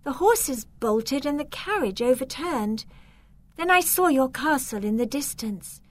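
A woman's voice: high voice, lively intonation, measured pace, voice pushed up. A woman voicing a frightened young girl stranded at a castle in a storybook reading. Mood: weary.

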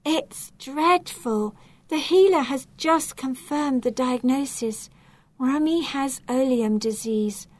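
A woman narrating a storybook reading in a measured, clear, deliberate way. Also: high voice.

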